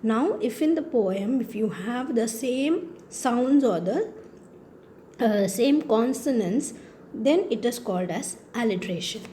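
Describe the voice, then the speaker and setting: Woman, Indian English accent, teacher, patient and repetitive, warm soft tone. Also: mid-range voice, slight background noise. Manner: patient, repetitive explaining with frequent checks for understanding. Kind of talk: classroom lesson on poetry.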